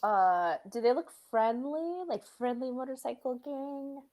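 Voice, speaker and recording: A woman's voice: sits high, animated, measured pace, darkish tone. A woman playing a tabletop game over a video call, bantering playfully. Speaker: player.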